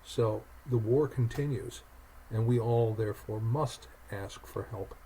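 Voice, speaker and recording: A lower-pitched man hosting a podcast, emphatic and conversational as he tells a story. He doubles back on his words when starting a thought. A faint hiss sits under his voice. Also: unhurried, warm tone, rough recording. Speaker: podcast host.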